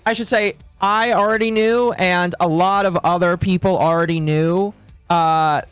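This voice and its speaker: A woman's voice: lowish voice, steady tone, unhurried, clean tone, no room sound. A woman streamer talking casually to her live chat, rambling and repeating herself with frequent laughs. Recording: dry close mic with background music.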